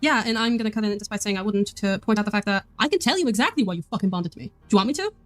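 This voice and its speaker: A woman's voice: mid-range voice, expressive, very fast, dry recording, faint music behind. A woman on a group voice call, blunt and confrontational, laying out her case sarcastically. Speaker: caller confronting another.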